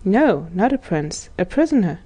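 A woman reading the part of a proud, courtly old gentleman prisoner in a storybook, speaking in old-fashioned formal phrases. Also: mid-range voice, big pitch swings, moderate pace. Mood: courteous. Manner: archaic courtly speech.

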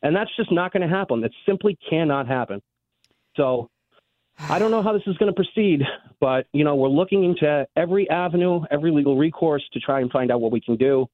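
A man's voice: a little high, animated, no room sound. Upset man calling in on a tinny phone line. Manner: upset, earnest, halting with restarts. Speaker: caller. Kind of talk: emotional call-in to a radio talk show.

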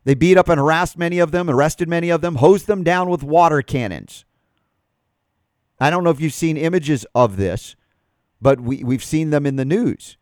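A man's voice: on the high side, normal speed, darkish tone, no echo, clean studio sound. A man hosting a talk radio show, reading an article aloud and adding emphatic commentary.

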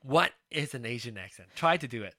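A podcast co-host chatting casually on a close, dry mic. The voice is bright and sharp. The pitch swings widely as the thoughts ramble and restart. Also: animated, dry recording. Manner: rambling, halting, full of restarts.

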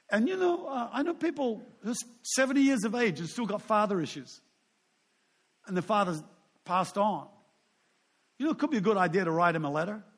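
A man in his sixties, a pastor preaching a sermon in a loose, conversational way, full of asides and self-deprecating humor. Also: sits high.

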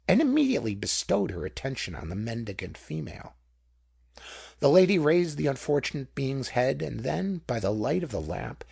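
A man's voice: medium pitch, gravelly, husky, no room sound, studio quality. A man reading a classic novel aloud, narrating with dramatic expression. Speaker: audiobook reader. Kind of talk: scripted narration.

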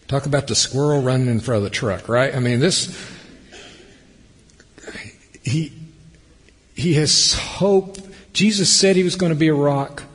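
A man preaching a sermon, swinging between loud emphasis and hushed, near-whispered passages. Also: mid-range voice, moderate pace, pauses often, slightly rough. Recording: long hall reverb.

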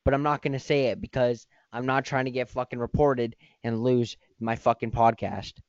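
A man's voice: mid-range voice, little pitch movement, moderate pace, smooth, dry recording, highs cut off. A man hosting a podcast, ranting in a heated, profane, rambling way. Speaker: podcast host. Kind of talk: casual podcast rant.

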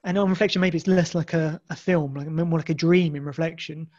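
An English man with a fairly high voice talks loosely, circling back and restarting his sentences often. The sound is dull and lo-fi, like a modest home setup. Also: steady tone, brisk, a little mellow. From England. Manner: rambling, many restarts and fillers. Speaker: guest. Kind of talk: casual podcast conversation.

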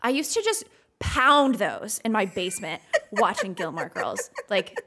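A woman co-hosting a podcast in casual chat, excitable and quick to gush and exclaim. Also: medium pitch. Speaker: podcast co-host.

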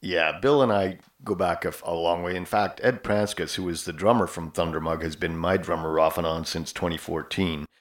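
Deep-voiced man hosting a chat. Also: fairly even intonation, brisk, few pauses. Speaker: host musician. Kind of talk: casual interview chat.

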